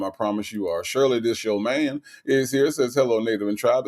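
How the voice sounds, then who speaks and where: A man hosting a casual livestream, reading viewer comments aloud and greeting each viewer in an animated way. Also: medium pitch, fairly quick, hardly any pauses. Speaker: livestream host.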